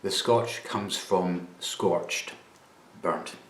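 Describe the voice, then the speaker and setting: Drawing out his words in a low, slightly bright voice, a Scottish man presents snacks on camera, tasting them as he chats dryly. The room is echoey, with a little background noise.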